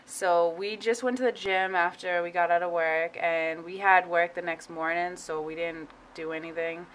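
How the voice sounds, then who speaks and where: A woman's voice: on the low side, fairly even intonation, normal speed, fairly bright tone, rough recording. A young woman chatting casually in a vlog, giggly and full of filler words. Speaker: vlogger.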